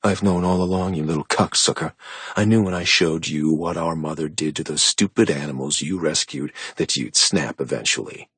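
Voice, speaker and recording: A man's voice: medium pitch, sing-song, measured pace, breathy edge, dry recording, full character voice. A male audiobook narrator voicing a menacing, sneering man with an American accent. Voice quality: taunting, sneering. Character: menacing sneering man, the hero's hateful brother.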